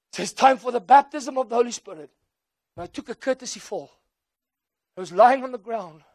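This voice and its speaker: A man with a South African accent, a native Afrikaans speaker, preaching a sermon as an animated storyteller who acts out voices and drops in Afrikaans phrases. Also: very high-pitched, fairly quick, no echo, clean studio sound.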